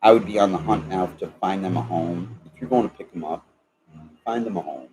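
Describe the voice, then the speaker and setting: A man's voice: low-pitched, fairly quick, noisy background. A man rambling casually in a vlog, joking and laughing often as he talks. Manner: laughs a lot, drawling, joking. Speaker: vlogger.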